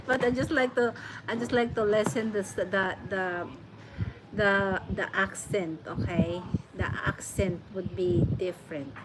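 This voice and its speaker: A woman's voice: medium pitch, very noisy. A woman from the Philippines chatting casually as she reacts to an accent lesson, repeating words and laughing. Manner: repeats words, laughs often, speaks slowly.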